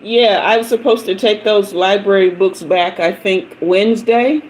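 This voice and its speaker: A middle-aged woman chats on a livestream, telling stories and laughing often. She greets viewers by name between stories in an easygoing way. Her voice sits at an average pitch, with a faint hiss of noise behind it. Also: normal speed, rough recording. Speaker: tarot reader hosting a livestream. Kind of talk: casual live-stream chat.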